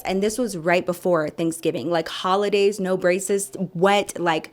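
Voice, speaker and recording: A woman's voice: lowish voice, fairly even intonation, a little slow, hardly any pauses. A woman in her thirties telling a story to her viewers in a chatty, sassy way, calling them girl and y'all. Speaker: storytime vlogger.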